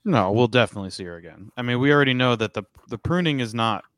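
Man with a smooth, resonant voice. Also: mid-range voice, expressive, fast, no room sound. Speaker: panel guest. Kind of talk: casual panel chat.

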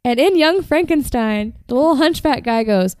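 Brief: podcast host, woman, clear and smooth, dry mic, profane and chatty. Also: high voice, lively intonation, normal speed, a little mellow, no echo. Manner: chatty, profane, uses fillers like "like" and "um". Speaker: podcast host telling a band history. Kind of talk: casual storytelling chat.

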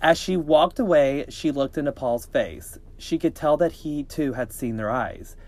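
A man's voice: fairly high pitch, a little slow, darkish tone. A man casually reading a scary story aloud on a podcast, with small slips and joking asides.

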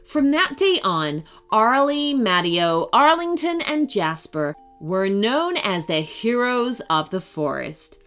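Expressive woman reading a kids' story. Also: medium pitch, slow, few pauses, faint music behind. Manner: expressive, dramatic storybook delivery. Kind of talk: scripted children's story narration.

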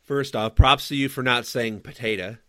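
A man's voice: medium pitch, fairly even intonation, normal speed, sharp tone, clean tone, dry recording, clean studio sound. A young married man co-hosting a podcast, chatting casually, laughing often and stumbling over his words. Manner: laughs often, stammers and restarts. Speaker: podcast co-host. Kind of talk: casual chat.

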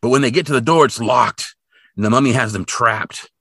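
A man's voice: medium pitch, moderate pace, gravelly, slightly rough, no room sound, studio quality. A man co-hosting a podcast, recapping a cartoon episode in casual chat and acting out bits of the story. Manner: animated storytelling with acted-out bits.

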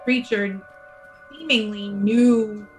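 A woman's voice: medium pitch, steady tone, slow, faint music behind, poor audio. A woman playing a tabletop game, thinking aloud in a hesitant way as she describes her character's moves. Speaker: player.

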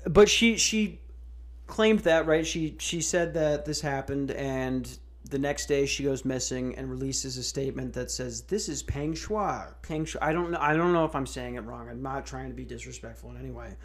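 This American man hosts a podcast and delivers a casual comedic rant in a mid-range voice at a moderate pace. Sarcasm and heavy swearing run through it, and he keeps restarting as he rambles.

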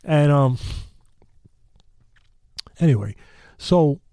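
A man's voice: a little high, lively intonation, drawn-out words, warm tone, no room sound. A man telling a story in a loose, rambling way, full of fillers and restarts, with blunt street-tough talk. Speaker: storytelling guest. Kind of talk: casual spoken storytelling.

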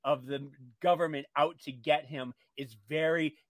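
A man's voice: fairly high pitch, normal speed, no echo. Gossipy, catty male radio co-host. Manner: gossipy, animated storyteller, catty. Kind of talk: casual talk radio chat.

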